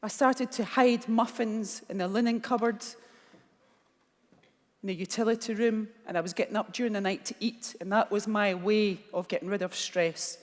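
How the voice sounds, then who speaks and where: A middle-aged Scottish woman giving a keynote speech, telling blunt, animated stories and acting out the dialogue. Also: mid-range voice, normal speed. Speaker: keynote speaker. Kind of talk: motivational keynote storytelling. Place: large conference hall. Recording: long hall reverb.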